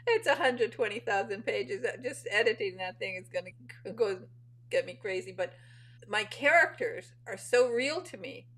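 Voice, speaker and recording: A woman's voice: mid-range voice, animated, normal speed, a bit bright, low-quality recording. A middle-aged woman hosting an interview, chatty and friendly, laughing easily as she talks. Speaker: interview host. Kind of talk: casual interview chat.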